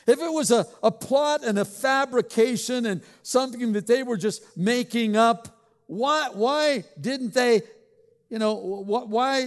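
High-voiced male pastor in echoing hall. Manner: conversational, joking, asks the congregation questions. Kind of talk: sermon.

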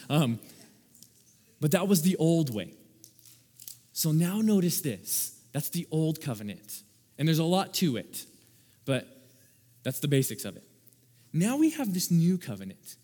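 A man preaching a sermon as pastor, animated, acting out little scenes and laughing at his own jokes. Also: on the high side, a little slow, pauses often. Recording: long hall reverb.

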